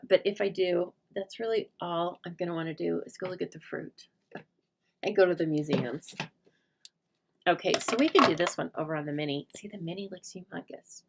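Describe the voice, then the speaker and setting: Hosting a crafting livestream, this middle-aged woman talks casually and wanders from topic to topic while working, laughing a lot and addressing viewers by name. Her fairly low voice is gravelly, with a little hiss or hum in the recording.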